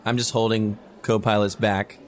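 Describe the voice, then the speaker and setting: A man's voice: lowish voice, flat delivery, moderate pace. A man playing a tabletop role-playing game, joking and laughing with the others. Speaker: player. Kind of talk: casual tabletop play.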